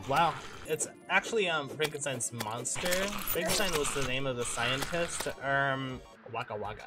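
A young man giving rambling, self-mocking commentary while playing a game, swinging between mumbles and loud outbursts. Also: medium pitch, lively intonation, unhurried. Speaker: gaming YouTuber. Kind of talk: casual gameplay commentary. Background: game music.

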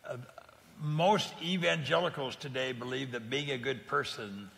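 A man from California talks through stories as a guest in a casual interview, speaking plainly and earnestly and often restarting his sentences. His voice sits in a middle range with a gravelly edge. A long reverb trails each phrase. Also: mid-range voice, moderate pace, fairly bright tone. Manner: earnest, plain-spoken storytelling with frequent restarts. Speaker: guest evangelist.

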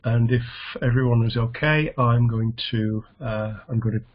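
Flat-voiced man teaching online, hesitant. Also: medium pitch, moderate pace. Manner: hesitant, many fillers and restarts. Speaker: English teacher. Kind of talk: online lesson. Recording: dull lo-fi video call audio.

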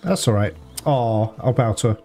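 A man commentating his own gameplay, excitable and prone to swearing and laughing. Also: on the low side, unhurried, creaky, faint music behind. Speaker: gameplay streamer.

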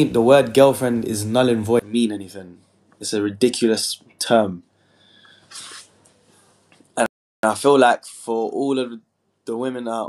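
A young man, chatting casually on a phone livestream and reading out viewer comments in a loose, filler-heavy way. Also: fairly low pitch. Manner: loose and chatty, many fillers, sings softly in between. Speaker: singer hosting a livestream.

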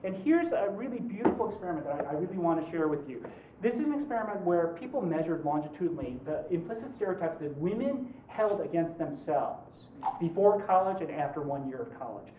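A man in his forties, a law professor giving a conversational lecture, animated and joking, with quick asides. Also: fairly high pitch, background noise. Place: large lecture hall. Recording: roomy, distant, dull hall recording.

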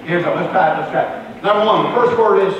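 A pastor preaching a sermon, swinging between loud and soft and repeating words. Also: male voice, high voice, fast, highs cut off, a little hiss or hum. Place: church sanctuary. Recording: roomy live church recording from a distance.

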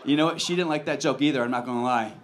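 A man's voice: mid-range voice, racing, noisy background. A man doing a stand-up comedy set on a club stage, with a brash, profane, punchy delivery.

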